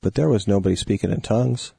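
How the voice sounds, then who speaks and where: A man co-hosting a casual scripture talk, agreeing often and explaining points calmly. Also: lowish voice, fast talker, gravelly, breathy edge, no room sound. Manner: agreeable, frequent short affirmations. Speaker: co-host. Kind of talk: casual Bible discussion.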